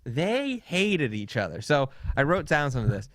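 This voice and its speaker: A man's voice: medium pitch, very animated, moderate pace, fairly bright tone, dry recording, clean studio sound. A young man co-hosting a podcast, rambling through funny stories in casual chat and laughing often. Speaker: podcast co-host.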